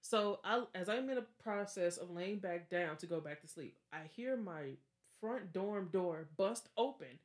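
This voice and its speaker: A young woman tells a dorm ghost story on a podcast in a slightly low voice. She talks casually and acts out what others said with lively energy. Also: measured pace. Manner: animated, acts out quotes with laughs. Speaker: podcast host.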